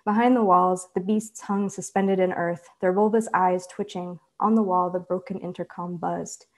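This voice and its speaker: A woman author reading her own fiction aloud in a measured, deliberate way. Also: lowish voice, fairly even intonation. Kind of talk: literary reading.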